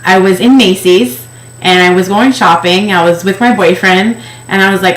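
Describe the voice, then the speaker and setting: A woman participating in a weight-loss project tells an emotional story about her past, speaking candidly at a moderate pace in a medium-pitched voice. She acts out quoted voices, and the room sounds echoey.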